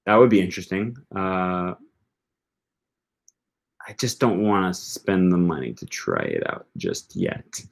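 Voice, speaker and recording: A man's voice: sits low, expressive, a little slow, gravelly, pauses often. A man hosting a language-learning livestream, answering viewer questions in a casual, rambling way with lots of hesitant filler words. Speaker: language-learning channel host.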